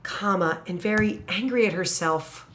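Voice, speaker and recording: A woman teacher thinking out loud as she writes an essay paragraph, musing, hesitating and correcting herself as she goes. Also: mid-range voice, moderate pace, slight background noise. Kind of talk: thinking aloud while writing an essay paragraph.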